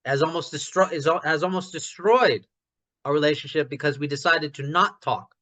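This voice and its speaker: In a casual online discussion, a man works through an idea at a moderate pace, his voice bright, forceful and a little high. He restarts often while thinking aloud and gets loud when an idea excites him.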